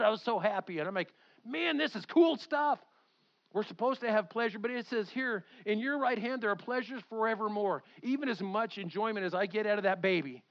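A fired-up man preaching a sermon in a church, his voice sitting high and swinging from loud bursts to near-hushed intensity. The recording is dull and lo-fi, like an old church tape. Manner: animated, swings from loud outbursts to quiet intensity. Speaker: pastor. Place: church sanctuary.

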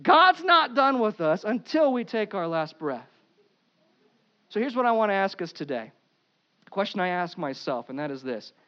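Animated man preaching, dull lo-fi recording. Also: high voice, moderate pace. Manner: animated preaching with sudden loud and quiet swings. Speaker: pastor. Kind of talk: sermon.

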